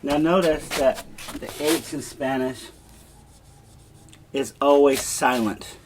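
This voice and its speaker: A man teaching a Spanish class, slowly repeating verb forms for students to echo. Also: mid-range voice, background noise. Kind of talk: classroom lesson with drills.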